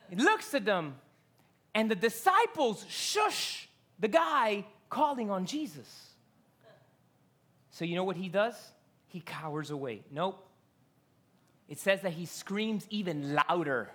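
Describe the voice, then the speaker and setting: A preacher delivering a sermon from a stage, telling the story in an animated way, full of rhetorical questions and casual slang. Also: medium pitch, slow, pauses often.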